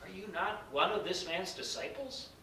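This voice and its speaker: A man's voice: moderate pace, creaky, exaggerated voice. A man voicing a young servant girl who asks probing, suspicious questions, in an echoing room with the mic some way off. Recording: bright roomy echo, distant mic, faint rumble.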